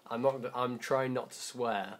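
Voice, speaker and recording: A man's voice: medium pitch, steady tone, a little slow. A teenage boy commenting on his gameplay, rambling and correcting himself, easily frustrated. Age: teens. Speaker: gamer.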